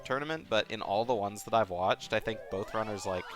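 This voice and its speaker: A man giving casual commentary on a race, chatty and relaxed, laughing often and leaning on fillers. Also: lowish voice, a little fast, music in the background.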